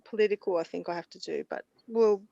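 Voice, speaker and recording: A woman's voice: mid-range voice, fast, creaky. A woman chatting casually on a video call, telling stories with lots of laughter. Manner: laughs often, animated storytelling. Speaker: guest. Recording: dull, dry video call audio.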